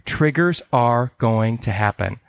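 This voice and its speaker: A man's voice: medium pitch, expressive, slow, vocal fry, no echo. Casual storytelling counselor man, dry sound. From California. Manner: casual, acts out quoted voices in stories. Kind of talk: teaching talk with personal stories.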